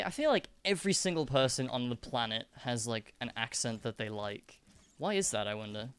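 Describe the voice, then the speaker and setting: A man's voice: medium pitch, expressive, fairly quick, fairly bright tone, clear, resonant tone. A man streaming a game live, chatting casually with his viewers and musing aloud as he answers their comments. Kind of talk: casual chat with live viewers during gameplay.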